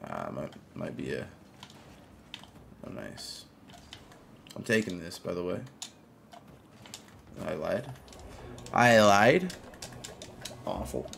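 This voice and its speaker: Low, gravelly guy streaming a game, loose and chatty, welcomes viewers and shouts at plays; light hiss behind him. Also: wildly swooping pitch, slow pace, pauses often. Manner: greets viewers and reacts to gameplay. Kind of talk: casual live-stream gaming chat.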